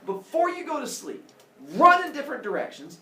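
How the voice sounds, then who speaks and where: A man's voice: very high voice, huge pitch swings, fairly quick, sharp tone, pitched above the performer's own voice, exaggerated voice. A man voicing a cocky, clever titan who talks in a smug, offhand way, in an echoey room from far off. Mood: eager instructing.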